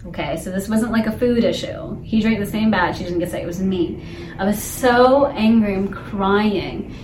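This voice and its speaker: A woman coaching on emotional intelligence, chatting casually as a co-host and telling her story with animated, laughing energy. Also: mid-range voice, moderate pace, roomy sound, background noise. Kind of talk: casual chat.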